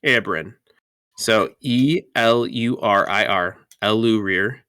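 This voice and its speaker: A game master narrating a tabletop game in a casual, filler-heavy way. His voice sits slightly low. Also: slow, pushed and bright, clean tone, no echo.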